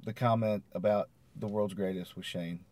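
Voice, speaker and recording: A man's voice: on the low side, steady tone, normal speed, darkish tone. A man co-hosting a podcast, agreeable and laid-back, chuckling as he chats. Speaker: podcast co-host. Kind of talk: casual wrestling review chat.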